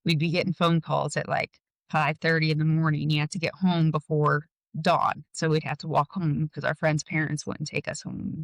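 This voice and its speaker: Halting woman telling her story, dry sound. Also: deep voice, gravelly, no room sound, low-quality recording. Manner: halting, full of "like" and "um". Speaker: guest. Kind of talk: personal storytelling in an interview.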